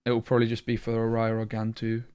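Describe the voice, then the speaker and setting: A man's voice: lowish voice, completely flat delivery, fast, a little mellow, clean tone. A young British man streaming a card game, thinking aloud in a chatty way, tired after a long session. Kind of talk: live-stream commentary while playing a card game.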